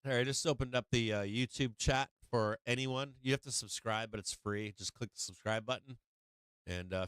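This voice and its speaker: A middle-aged man hosts a live-stream market show from home, rambling casually and greeting viewers by name. His voice is on the low side, smooth and fairly bright, recorded dry.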